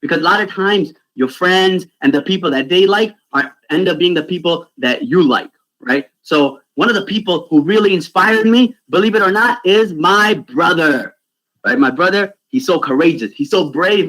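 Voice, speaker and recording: A man from Pakistan, telling stories to children in an animated way over a video call and often asking "right?". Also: high-pitched, moderate pace, poor audio. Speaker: youth speaker. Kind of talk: storytelling talk for children.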